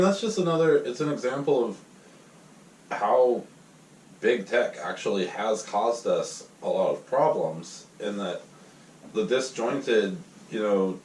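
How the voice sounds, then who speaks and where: A man guesting on a casual podcast, making measured, wry comments with pauses. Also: mid-range voice, slight background noise. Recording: roomy, distant mic with faint ambience.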